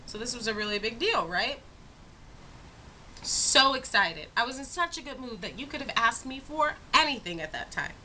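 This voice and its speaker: A young woman in a casual vlog, telling a personal story in an animated, expressive way with rhetorical asides. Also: a little high, brisk, few pauses, a little hiss or hum, low-quality recording. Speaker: vlogger.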